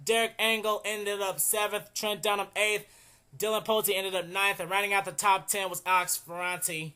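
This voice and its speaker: Young male race caller: very high, bright tone, breathless and excitable. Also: moderate pace, smooth. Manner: excitable, keeps saying "oh man". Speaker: race commentator. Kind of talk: excited play-by-play commentary.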